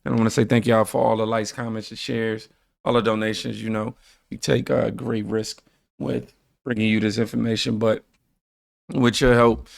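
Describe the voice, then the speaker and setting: A man's voice: fairly low pitch, level tone, moderate pace, vocal fry, no room sound. A man hosting a reaction channel, laid-back, reading viewer comments aloud and riffing on them.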